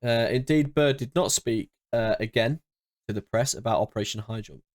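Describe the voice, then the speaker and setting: A man's voice: mid-range voice, moderate pace, no echo. Male podcast co-host, mid-range voice, wry interjections, dry close sound. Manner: short wry interjections, laughs easily. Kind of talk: casual podcast chat.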